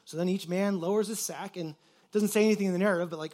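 A man preaching a conversational sermon, casual and animated, acting out the voices in the story and leaning on fillers. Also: high voice, fast. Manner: uses many fillers like "like". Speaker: pastor.

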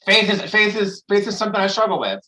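A man with a fairly high, bright, forceful voice gives an open personal share at a support meeting. He rambles and restarts his sentences, swears freely and talks frankly about emotional things. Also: big pitch swings, fast talker, poor audio. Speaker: member sharing at a recovery meeting.

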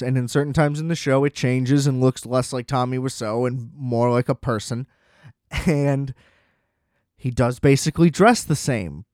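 A man's voice: medium pitch, darkish tone, no echo, clean studio sound. A young man casually reviewing a TV series in a rambling monologue, with lots of filler words and profane asides. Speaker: show reviewer.

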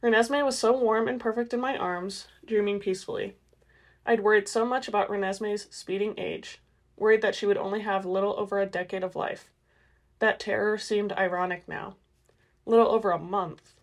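A woman's voice: medium pitch, steady tone, normal speed. Woman reading a first-person novel. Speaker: audiobook reader.

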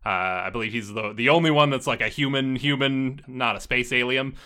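A man narrating as game master in a relaxed, rambling way. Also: medium pitch, fairly quick.

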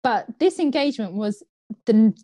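A British woman with a regional accent, co-hosting a podcast in a relaxed, chatty way. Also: on the high side, moderate pace, no echo. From Britain. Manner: relaxed, laughs often, chatty. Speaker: podcast co-host. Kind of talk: casual chat.

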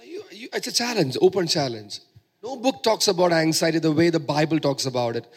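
A man's voice: fairly high pitch, animated, fairly quick, husky. A man preaching a sermon, emphatic and repeating phrases for stress.

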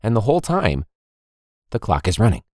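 A man's voice: lowish voice, wildly swooping pitch, moderate pace, mellow, no room sound, studio quality. A man who is a teacher and football coach hosting a casual podcast, ranting with heavy swearing and frequent laughs.

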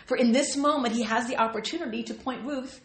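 A woman's voice: on the high side, quick pace, roomy sound. A woman teaching a Bible study, earnestly reading and explaining scripture with feeling. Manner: earnest and expressive, reads scripture aloud with feeling.

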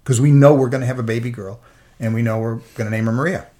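A man's voice: mid-range voice, steady tone, fast, warm tone. Earnest middle-aged man telling a story. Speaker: interview guest. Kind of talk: personal faith testimony.

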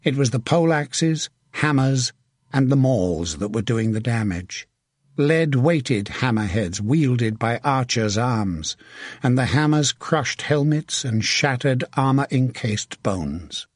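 A man narrating a historical novel in a steady, measured audiobook reading. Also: medium pitch, no room sound, studio quality. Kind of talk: scripted narration.

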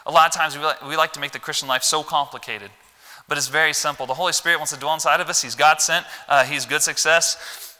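Midwestern male preacher, folksy and animated, loud emphasis then low asides; crisp tone, reverberant sanctuary. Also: quick pace. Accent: Midwestern American. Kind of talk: Wednesday church sermon. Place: church sanctuary. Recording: long hall reverb.

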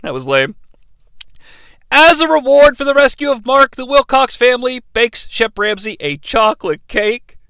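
A man with a high, bright voice recaps a movie in a lively, joking way. His tone is smooth and crisp, and the recording is dry and close with no room sound. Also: normal speed, no room sound. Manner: animated, joking, breaks into impressions. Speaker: movie reviewer. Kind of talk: comedic movie recap commentary.

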